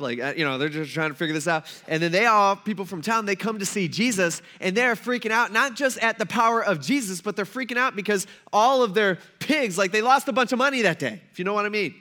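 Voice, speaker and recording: Bright, high-voiced male preacher. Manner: animated storytelling, acting out characters in quick asides. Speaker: pastor. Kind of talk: casual retelling sermon.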